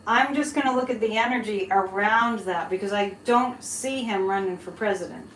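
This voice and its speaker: A woman's voice: medium pitch, normal speed, a bit bright. Chatty woman reading tarot live. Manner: chatty, laughing, rambling asides to chat. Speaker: psychic reader hosting a live stream. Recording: echoey room, faint background hiss.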